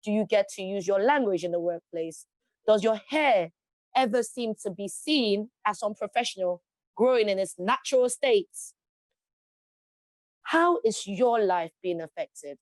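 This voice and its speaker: With lively intonation and a slightly slow pace, a woman being interviewed talks with real passion in a conversational way. Her medium-pitched voice presses forward through forceful rhetorical questions, and the recording carries no room sound.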